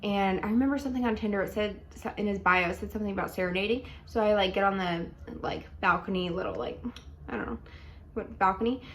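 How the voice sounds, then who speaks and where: A young woman casually telling a dating story at home in a chatty, animated way, full of likes and ums. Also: mid-range voice, quick pace. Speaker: vlogger.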